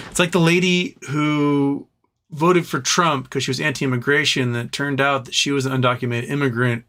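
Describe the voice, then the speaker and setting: A man hosting a live stream, rambling in a relaxed way and reading out viewer comments. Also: mid-range voice. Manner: rambling, laid-back, reads chat comments aloud. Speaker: livestream host. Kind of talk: casual livestream chat.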